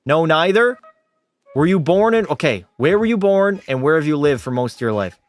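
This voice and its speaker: A man's voice: moderate pace, faint music behind. A Canadian man casually chatting on a game livestream, reading out and answering viewer messages in a bantering way. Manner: chatty, bantering with chat, animated jumps in pitch. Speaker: gaming streamer.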